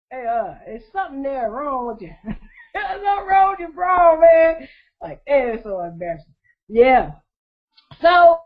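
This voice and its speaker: A woman telling her story casually to her viewers, blunt and profane, laughing often. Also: extremely high pitch. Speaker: vlogger. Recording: dull lo-fi recording.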